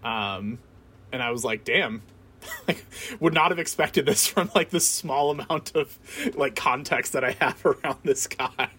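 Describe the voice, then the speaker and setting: A man co-hosting a casual podcast, sharing his take on a film in a relaxed, rambling way and often laughing. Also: mid-range voice, unhurried, husky. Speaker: podcast co-host.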